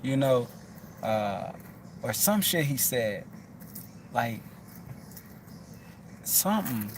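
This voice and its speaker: A man talks to his listeners in a loose, rambling way, swearing freely and doubling back on his words. His pitch sits in the everyday middle range. Faint noise hangs in the background. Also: very animated, very slow. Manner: rambling, loose and profane, with many restarts. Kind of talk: casual chat.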